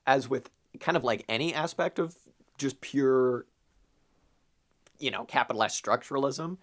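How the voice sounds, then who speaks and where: Here a young man co-hosts a podcast, talking a little slowly in a mid-range voice. His casual chat rambles, packed with fillers and the odd swear word.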